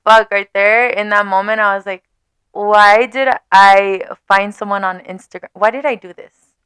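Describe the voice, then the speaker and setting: A young woman chats on camera in a casual storytime, animated and quick to swear and laugh. Her voice is smooth and clear, with a mid-range pitch. The recording is dry and close. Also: no room sound. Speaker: vlogger.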